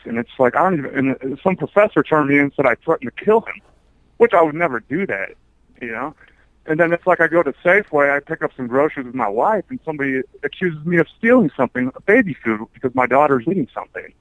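Male veteran caller, quick and rambling, mid-pitched, dry sound. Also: animated, no room sound, narrow, tinny audio. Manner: rambling, aggrieved storytelling. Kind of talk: call-in to a radio show.

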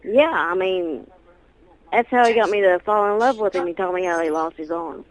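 A woman's voice: fairly low pitch, moderate pace, a little hiss or hum, rough recording. Female caller, farm wife, brash joker. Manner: brash joke-telling. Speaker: caller, cattle farmer. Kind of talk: call-in to a radio show.

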